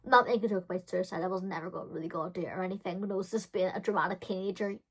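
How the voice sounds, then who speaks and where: A woman's voice: on the low side, steady tone, rapid-fire, breathy edge. A woman in her thirties telling a personal story in a chatty, dramatic way, full of filler words. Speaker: vlogger. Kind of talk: casual storytime chat.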